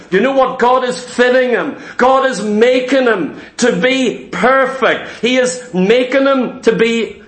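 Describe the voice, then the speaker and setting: A man's voice: very high voice, fairly bright tone. A man preaching a sermon with passion, repeating phrases and acting out the voices of doubters and of Christ.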